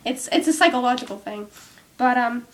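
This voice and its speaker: A woman's voice: fairly high pitch, moderate pace. A young woman vlogging at home, chatting casually and rambling with lots of "um" and "like" into a cheap microphone with its top broken off. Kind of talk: casual chat to camera.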